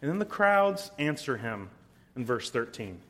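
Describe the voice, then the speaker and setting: Slow, emphatic preaching man. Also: medium pitch, very animated, a bit bright. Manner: deliberate, emphatic, reads scripture aloud. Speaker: pastor. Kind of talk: expository sermon.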